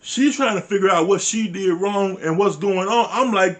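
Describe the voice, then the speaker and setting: A man's voice: high-pitched, normal speed, few pauses, a bit bright. A man giving a casual recap of a reality show, blunt, profane and exasperated, with informal grammar. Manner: uses informal dialect grammar. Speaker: reality TV reviewer.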